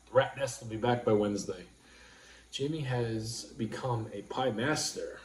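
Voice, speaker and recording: A man from New York chats casually on a livestream, rambling and restarting his sentences as he goes. His voice sits at an ordinary pitch, and it carries a roomy echo over faint background noise. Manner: rambling, halting, full of restarts. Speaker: livestream host.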